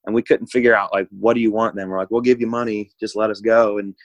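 A man from the United States tells a long travel story in a loose, rambling way, with lots of filler words. His voice sits a bit low. The sound is dry and close, with no room echo. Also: level tone, fast talker, muffled recording. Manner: rambling, laid-back, lots of "like". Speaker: guest. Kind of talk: casual storytelling.

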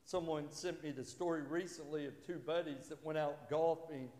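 A man's voice: on the high side, fairly even intonation, a little mellow. Man preaching in an echoey church hall. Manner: conversational, halting restarts, acts out quoted voices. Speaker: pastor. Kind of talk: sermon with jokes and stories. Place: church sanctuary.

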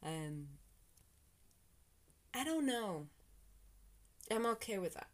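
A British woman hosts her own reflective solo podcast, musing earnestly and ramblingly in a motivational vein that occasionally drops to a whisper. Her mid-range voice has lively intonation, moving at a slow pace with frequent pauses.

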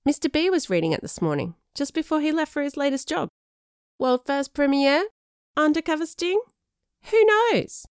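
A woman's voice: high voice, big pitch swings, normal speed, no echo, studio quality, pitched above the performer's own voice. A woman voicing a sparky, mischievous teenage girl with a playful, teasing way of talking. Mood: excited.

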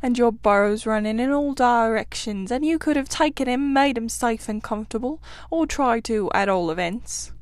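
A woman's voice: on the high side, moderate pace, few pauses, no echo, close to an everyday voice. Woman doing a hearty cheerful otter. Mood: storytelling. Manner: lively storytelling, hearty and outspoken.

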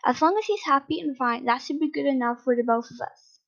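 A woman reading a storybook, voicing a cheerful, doting father who teases and scolds loudly. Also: sits high, a little fast, vocal fry. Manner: loud, affectionate, teasing. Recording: dull lo-fi recording.

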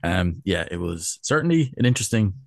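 A tired Irish man talks fast on a podcast in a gravelly, lowish voice. The sound is dry and close. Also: big pitch swings, darkish tone, no room sound. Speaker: podcast co-host and editor. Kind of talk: casual chat.

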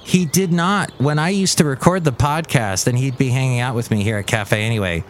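A man's voice: medium pitch, a little fast, slight background noise. A man hosting his own podcast in a rambling, playful monologue. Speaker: podcast host. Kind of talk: casual comedic monologue.

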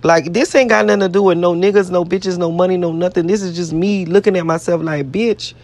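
This woman talks fast in a steady, darkish voice on the low side. Casually addressing the camera as a vlogger, she rambles in a profane, brash, boastful way, adoring herself and repeating her lines to viewers.

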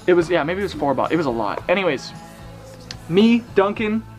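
A young man co-hosting a podcast, telling a crude high school story in a rambling, laughing way. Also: very animated, a little fast, dull audio, faint music behind. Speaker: podcast co-host. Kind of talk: casual storytelling chat.

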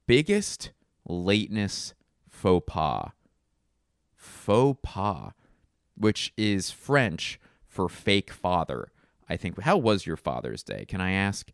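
A man's voice: deep voice, vocal fry, dry recording, studio quality. A man hosting a solo comedy podcast, rambling through wry, self-mocking tangents.

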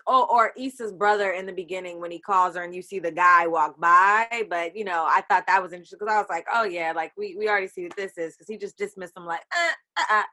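A young woman talking casually about a TV episode, acting out her own reactions in lively quotes. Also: on the low side, fast talker, few pauses. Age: young adult. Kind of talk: casual TV recap chat.

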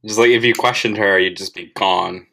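A man's voice: fairly low pitch, steady tone, vocal fry, sharp tone, a little hiss or hum, low-quality recording. A young adult man co-hosting a podcast, talking casually with lots of fillers and firm opinions. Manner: quick, filler-heavy, opinionated. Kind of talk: casual chat.

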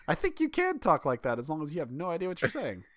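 A man's voice: a little high, a little fast, no echo, clean studio sound. A father chatting casually on a podcast, telling family stories with frequent laughter. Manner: animated, laughing storyteller. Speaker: podcast co-host. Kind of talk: casual comedic chat.

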